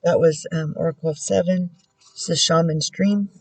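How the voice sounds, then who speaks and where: Soft-spoken, halting woman doing a tarot reading. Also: sits low, fairly even intonation. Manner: halting and soft-spoken, many pauses and restarts; gentle, prayerful. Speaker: tarot reader and spiritual channeler. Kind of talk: casual spiritual tarot reading. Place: indoors at home.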